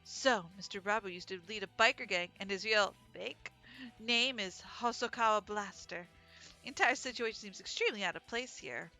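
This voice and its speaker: Bright-voiced woman reading a game aloud. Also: mid-range voice, moderate pace. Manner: expressive, animated reading. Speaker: let's play narrator. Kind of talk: reading a visual novel aloud. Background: faint game music.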